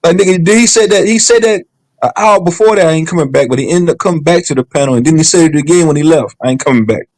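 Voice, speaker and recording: A man's voice: fairly high pitch, a little mellow, dry recording, poor audio. A man chatting casually on a livestream, telling stories in a joking, profane way. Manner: fast, joking, profane storytelling.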